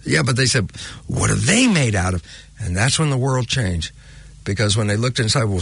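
Gravelly husky man explaining animatedly. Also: mid-range voice. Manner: animated, acts out his own remembered conversations. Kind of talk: conversational explanation.

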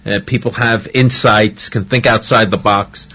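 A man speaks as a guest on a radio show, his low voice a little husky. He gives his views in a measured, thoughtful way with some fillers. The sound is dull and muffled, like a broadcast recording. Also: steady tone. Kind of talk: casual radio interview.

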